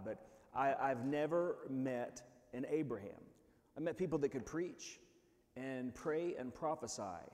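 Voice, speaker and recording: A man preaching a testimony sermon, swinging from hushed, low stretches to loud shouts, often restarting his words. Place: church hall. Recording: long reverb of a church hall.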